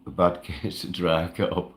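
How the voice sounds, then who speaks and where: A man ranting and chatting on a livestream in broad northern dialect, with loud outbursts. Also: low voice, huge pitch swings, slow. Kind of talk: angry livestream rant. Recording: echoey room.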